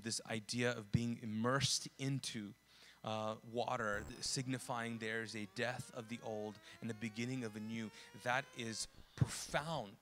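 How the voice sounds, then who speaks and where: A pastor with a mid-range voice preaches a sermon conversationally, often restarting and correcting himself. When he tells stories, he grows loud and animated.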